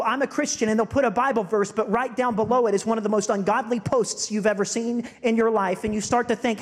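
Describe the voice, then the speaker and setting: A high-pitched man preaching a sermon. He tells stories and leans hard on key lines, speeding up and slowing down as he goes. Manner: storytelling with shifting pace, emphatic. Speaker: pastor.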